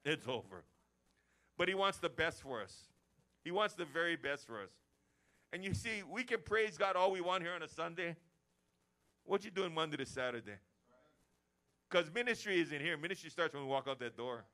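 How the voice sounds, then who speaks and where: Man, pastor, sermon, higher-pitched, energetic, forceful. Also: normal speed. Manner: energetic preaching, acting out everyday chats. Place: church service.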